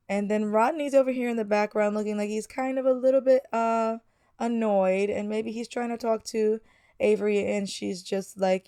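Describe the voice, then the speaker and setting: A woman's voice: medium pitch, steady tone, normal speed, dark tone, clean tone, dry recording, studio quality. A woman hosting a let's play, chatting through a life-sim game with frequent fillers. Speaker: gaming channel host.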